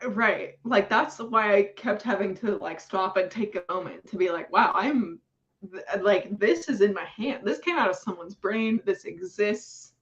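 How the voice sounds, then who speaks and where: A woman's voice: medium pitch, unhurried, a bit bright, dull audio. A woman hosting a casual book discussion, gushing and heavy on fillers, laughing between lines. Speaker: book club host.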